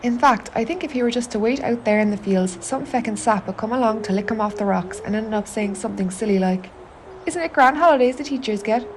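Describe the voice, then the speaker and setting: A woman's voice: medium pitch, fairly even intonation, fast, hardly any pauses, noisy background. A woman with an Irish accent narrating a confiding spoken-word monologue, intimate, wry and sweary. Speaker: narrator of an autofictional audio artwork.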